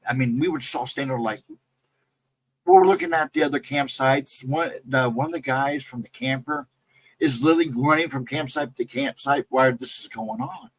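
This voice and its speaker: A man with a medium-pitched, slightly bright, sing-song voice tells a ghost story from a camping trip at a moderate pace. He is a guest storyteller on a live stream, rambling casually and repeating "I mean" and "you know" as he goes. The audio is poor.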